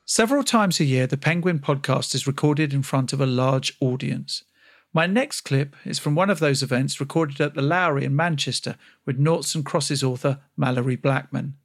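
A man's voice: mid-range voice, normal speed. A man hosting a podcast, introducing clips and teasing his guest playfully. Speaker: podcast host. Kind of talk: casual chat and scripted links.

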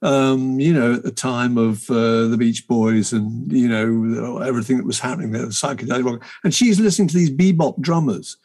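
A man's voice: medium pitch, moderate pace, hardly any pauses, a little mellow. A man interviewing an author, asking curious, winding questions with many asides. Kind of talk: conversational interview.

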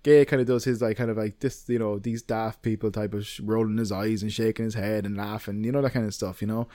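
A man with an Irish accent co-hosts a casual podcast, rambling through a long story packed with fillers and the occasional swear word. His voice is fairly low and mellow, his intonation fairly even, and he talks fast, recorded with no echo.

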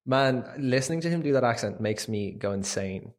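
A man on a film podcast, loose and chatty. He has a medium-pitched voice and takes the contrary side just to tease his co-host. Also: expressive, moderate pace. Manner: teasing, playfully contrarian. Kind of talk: casual film chat.

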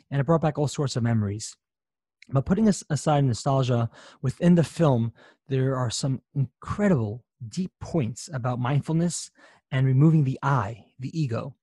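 A man's voice: mid-range voice, mellow, slightly rough, dry recording, studio quality. A man hosting a podcast, reading an upbeat, chatty intro and then talking with a guest. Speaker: podcast host.

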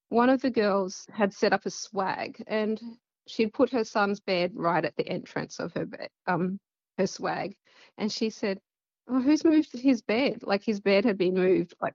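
Woman, Australian accent, rambling storyteller, fry in the voice, close dry sound. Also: medium pitch, a little mellow, dry recording, dull audio. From central west Queensland, Australia. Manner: rambling, chatty retelling full of "like" fillers. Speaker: guest. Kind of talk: casual storytelling interview.

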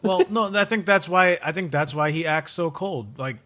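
A young man co-hosting a loose podcast chat, with a bright, forward tone and a slightly raised pitch. He jokes crudely and stretches his words out. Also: normal speed. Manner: joking, crude, drawn out. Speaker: podcast co-host.

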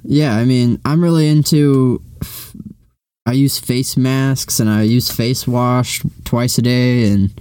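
A man's voice: mid-range voice, steady tone, slow, darkish tone, smooth, no room sound, studio quality. A young man co-hosting a podcast in casual chat, rambling, restarting sentences and swearing freely. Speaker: podcast co-host.

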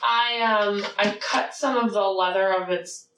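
A woman's voice: mid-range voice, fairly even intonation, unhurried. A woman playing a tabletop game, talking casually and hesitantly with restarts. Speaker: player. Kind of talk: tabletop role-play chat. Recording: roomy, distant, noisy room.

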